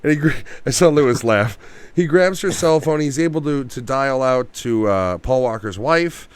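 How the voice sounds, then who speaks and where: A man's voice: mid-range voice, moderate pace, smooth, no echo. A man co-hosting a casual movie review podcast, swearing freely and acting out scenes. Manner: animated, profane, acts out quotes. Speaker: podcast co-host.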